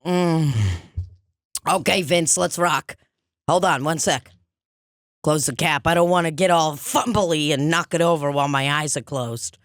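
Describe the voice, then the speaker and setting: A woman's voice: deep voice, unhurried, dry recording, studio quality. A woman playing a brash, pushy fake psychic medium with a put-on Long Island accent, in an improvised comedy sketch. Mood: blustery. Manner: pushy, rambling, streetwise patter. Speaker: podcast co-host.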